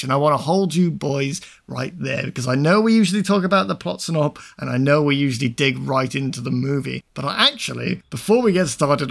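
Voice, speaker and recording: A man hosting a relaxed podcast chat and setting up a quiz game for his co-hosts. His voice sits a little higher than most men's. He talks in long, rambling, teasing build-ups. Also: vocal fry. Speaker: podcast host running a quiz. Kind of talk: casual chat.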